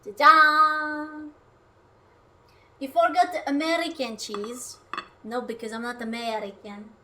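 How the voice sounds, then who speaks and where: A woman's voice: fairly high pitch, expressive, normal speed, noisy background. A young woman from Hungary, chatting casually on a livestream while she cooks, playful and self-mocking. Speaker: streamer.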